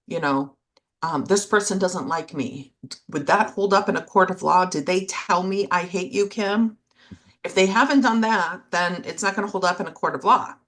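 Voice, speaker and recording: A woman co-hosting a relationship podcast in gentle, reflective casual conversation, speaking in short thoughtful phrases. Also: lowish voice, normal speed. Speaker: podcast co-host.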